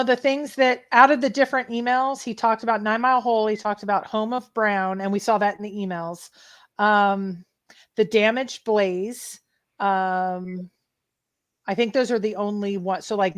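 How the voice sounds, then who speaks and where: A woman co-hosting a treasure hunt livestream, retelling events in an emotional, animated way with many restarts. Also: medium pitch, normal speed. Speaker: treasure hunt show co-host. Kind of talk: casual livestream chat, storytelling.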